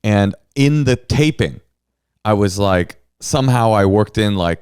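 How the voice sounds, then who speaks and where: Middle-aged male comic co-host: deep-ish voice, storytelling with lots of pitch swing. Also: a little slow, clean tone, no room sound, clean studio sound. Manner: animated storyteller, acts out quotes. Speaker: podcast co-host. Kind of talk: casual comedic chat.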